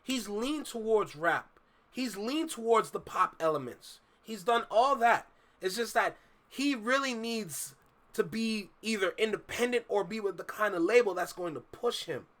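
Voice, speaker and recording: High, bright Toronto man. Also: lively intonation, a little slow. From Canada. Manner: emphatic, opinionated, repeats points. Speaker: reaction video host. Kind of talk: casual commentary over a clip.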